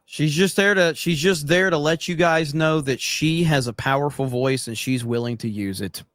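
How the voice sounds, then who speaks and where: An American man hosts a casual livestream, reading viewer comments aloud, cracking jokes and using lots of fillers. His voice is fairly high and a bit bright at a moderate pace. The recording is dry and studio quality.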